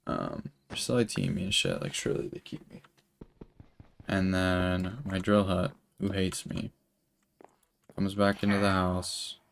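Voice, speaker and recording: A man's voice: sits low, animated, a little slow, vocal fry, long pauses, slight background noise. A young man telling a long story while he plays a game, rambling and swearing, with lots of filler words. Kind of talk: casual storytelling while gaming.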